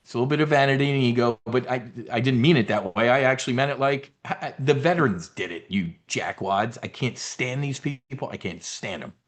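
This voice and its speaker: A man hosting a trading show, ranting casually and bluntly with profanity, stumbling and restarting as he talks. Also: mid-range voice. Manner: fast, rambling, blunt and profane, with frequent restarts. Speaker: host of a trading and market show. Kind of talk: casual live-stream rant.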